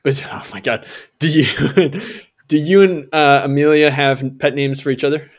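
A man's voice: on the high side, moderate pace. A man co-hosting a podcast, asking dry, wry questions in casual chat. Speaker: podcast co-host.

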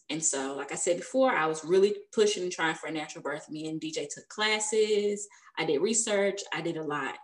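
A young adult woman telling a personal story in casual conversation, chatty and laughing often between sentences. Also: deep voice.

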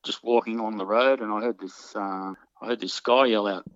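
A man reminiscing about his football days in a casual interview, halting often with ums and false starts. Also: on the low side, fairly even intonation, dry recording. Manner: hesitant, many ums and restarts. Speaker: interviewee, former soccer player. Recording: dull, muffled recording.

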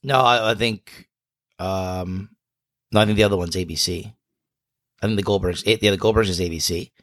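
Guy cohost rambling on, lots of ums, lowish voice, dry close sound. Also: steady tone, normal speed, fairly bright tone, no room sound. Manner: rambling, hesitant, many fillers. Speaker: podcast co-host. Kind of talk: casual chat.

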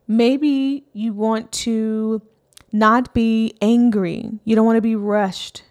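A woman therapist talks to her listeners in a conversational podcast style. Her voice sits a little high, and she speaks earnestly, often tagging her points with a quick "right?". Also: fairly even intonation, darkish tone.

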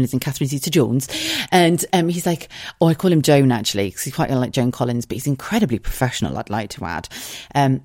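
A woman's voice: extremely low pitch, dark tone, dry recording, clean studio sound. A woman with a southern English accent, hosting a podcast and telling stories in a chatty, sweary way, often laughing at her own tales. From southern England. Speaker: podcast host, former radio presenter. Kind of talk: casual storytelling monologue.

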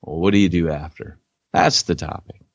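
Deep-voiced and speaking at a moderate pace, a middle-aged man co-hosts a podcast with lively jokes and teasing aimed at his partner. The recording is lo-fi, with no room sound.

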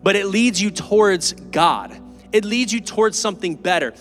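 Guy pastor preaching in church, kinda high voice, faint music underneath. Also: animated, normal speed, a bit bright. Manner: earnest, emphatic, conversational preaching. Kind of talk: sermon. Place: church sanctuary.

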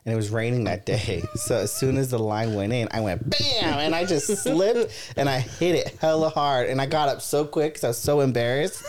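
A man's voice: mid-range voice, moderate pace, hardly any pauses, over a noisy crowd. A man co-hosting a podcast in casual chat, telling stories with laughter. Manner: animated, laughs while telling a story. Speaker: podcast co-host.

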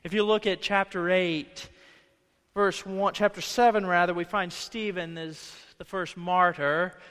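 Male pastor, high bright voice, conversational sermon with acted-out quotes, reverberant church hall. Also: fairly even intonation, measured pace, smooth. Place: church sanctuary.

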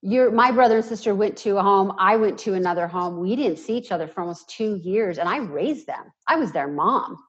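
A woman's voice: medium pitch, expressive, brisk, hardly any pauses, highs cut off. A woman guest speaking earnestly and from the heart in an interview. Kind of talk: emotional personal interview talk.

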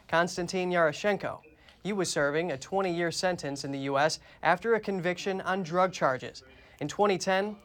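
High-voiced male news anchor. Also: fairly bright tone. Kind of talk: scripted news reading.

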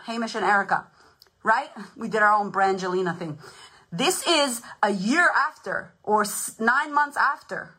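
A woman's voice: mid-range voice, a little slow, pushed and bright, poor audio. A woman in her thirties, a podcast host and confidence coach, giving a blunt, swearing, emphatic motivational talk in a casual livestream.

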